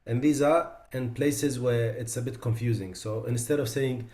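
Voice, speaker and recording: Man, recitation teacher, middle pitch, slow emphatic demonstrations, echoey room. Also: fairly even intonation, a little mellow. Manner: demonstrates pronunciations slowly and with emphasis, then explains in plain speech. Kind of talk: tajweed lesson.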